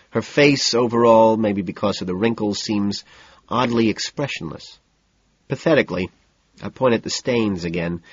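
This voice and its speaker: Male audiobook narrator, husky, lowish voice, deadpan, dry slightly dull recording. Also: dry recording. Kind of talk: first-person novel narration.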